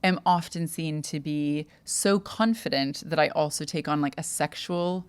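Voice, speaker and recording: A young adult woman co-hosting a podcast, talking thoughtfully in a halting way and often restarting her sentences. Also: deep voice, smooth. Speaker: podcast co-host. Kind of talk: casual podcast conversation.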